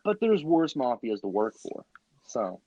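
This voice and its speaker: A man's voice: mid-range voice, big pitch swings, unhurried, warm tone, dry recording. A young man co-hosting a podcast in casual chat, spinning absurd tangents in a matter-of-fact way. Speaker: podcast co-host. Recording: dull dry lo-fi mic.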